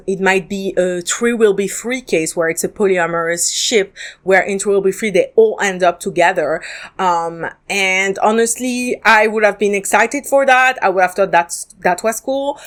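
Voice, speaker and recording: A woman talks through her thoughts on a drama in a relaxed solo podcast. She is candid and chatty, with plenty of ums and false starts. Her pitch sits in the middle range for a woman. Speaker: podcast host reviewing dramas. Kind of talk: casual solo podcast review.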